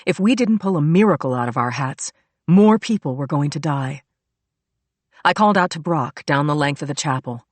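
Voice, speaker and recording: A woman reading a thriller audiobook aloud in a steady, even storytelling manner. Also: sits low, moderate pace, no room sound. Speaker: audiobook narrator. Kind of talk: scripted narration.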